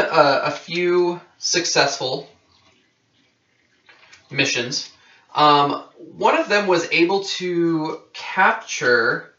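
A man's voice: mid-range voice, bright, forceful tone. A male science teacher giving a conversational classroom lecture at a whiteboard, often checking in with "okay?" and correcting himself as he goes. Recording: roomy, distant and dull-sounding.

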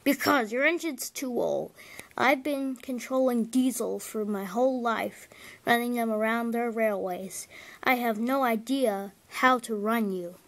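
A woman's voice: on the high side, measured pace. A woman voicing a rude, dismissive substitute train driver in a fan-made toy train story. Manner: rude, sneering.

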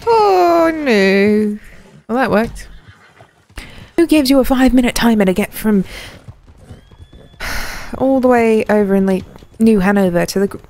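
A woman's voice: medium pitch, measured pace, long pauses, darkish tone. A woman streamer giving live commentary on her gameplay, laughing often and calling out to other players and her chat.

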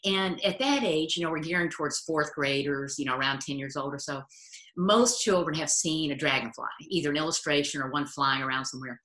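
A retired aquatic biologist and educator, this older woman tells stories animatedly and laughs often during a casual interview. Her voice sits low with a fairly bright tone and a fairly quick pace, and the sound is reverberant.

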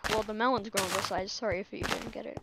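A woman's voice: mid-range voice, steady tone, fast, heavy background noise. A woman giving casual gameplay commentary, chatting to herself and laughing often as she plays. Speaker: gaming channel host.

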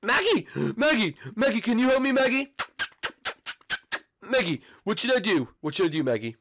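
A frantic cartoon kid, as a man puts him on, whining and stammering through a fan game role-play. The voice sits high and swoops wildly from squeal to mutter, always on the edge of panic. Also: big pitch swings, moderate pace, music in the background. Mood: fretful. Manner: whiny and frantic, wailing and stammering. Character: panicky mischievous cartoon boy, ten years old.

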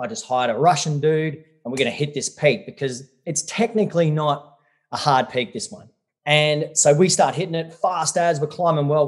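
A man's voice: fairly high pitch, a little mellow. A man, a guest telling adventure stories bluntly, swearing and calling the listener mate. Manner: blunt, swears freely, says mate a lot. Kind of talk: casual interview storytelling.

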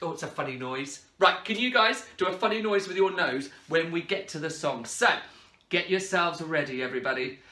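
A woman's voice: deep voice, animated, brisk. Playful woman entertaining toddlers. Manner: playful, giggly, call-and-response prompts. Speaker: children's party entertainer. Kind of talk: energetic kids' show hosting. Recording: echoey room with loud music.

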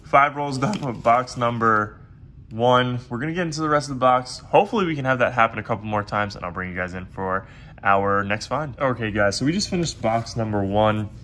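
A man hosting a casual coin roll hunting vlog, chatty and quick to get excited, who is losing his voice. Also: medium pitch, slight background noise. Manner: chatty, excitable when surprised. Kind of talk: casual hobby vlog narration.

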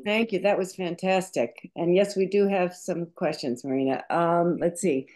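A woman with a somewhat low voice moderates an online talk. She reads out audience questions briskly and plainly. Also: fairly even intonation, a little mellow. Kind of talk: webinar Q&A moderation.

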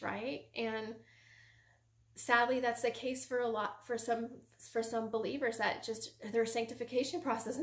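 A woman recounts her faith story in a relaxed, conversational testimony. Her voice sits a touch high and keeps circling back with casual fillers. The room around her adds a noticeable echo. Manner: chatty, fills speech with "like" and "you know". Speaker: Christian ministry host giving her testimony. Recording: roomy echo.

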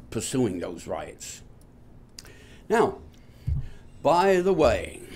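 A man hosting a talk show, speaking to viewers in a halting, unscripted monologue full of fillers with wry, sardonic asides. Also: medium pitch, darkish tone, a little hiss or hum. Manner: halting, many fillers and restarts. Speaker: host of a nonbeliever talk show.

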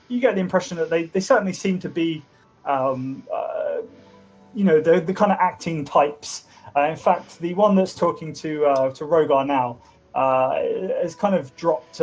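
Husky high-voiced game master. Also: male voice, poor audio. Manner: halting, full of fillers. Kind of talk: narrating a tabletop game.

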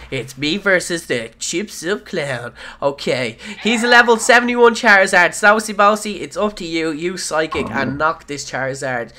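Bright, excitable male game commentator. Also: a little high, moderate pace, few pauses, slight background noise. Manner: excitable, bursts into shouts at big moments; playful, invents silly rhyming words. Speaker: gaming video host. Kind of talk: let's-play game commentary.

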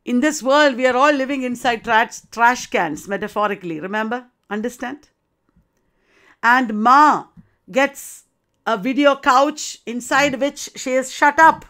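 A female literature lecturer explains a play at a measured pace, regularly checking in with her students through rhetorical questions. Her high, smooth voice has a clear, resonant quality, and this is a recorded lecture.

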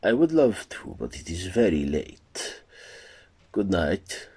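A man voicing a suave male vampire count with a Romanian accent, low and measured. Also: big pitch swings, warm tone, husky, exaggerated voice. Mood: courtly.

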